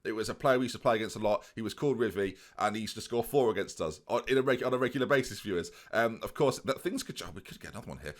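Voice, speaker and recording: A man's voice: medium pitch, big pitch swings, quick pace, a bit bright. A young man giving playful mock-commentary over a video game, often addressing his viewers. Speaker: gaming YouTuber.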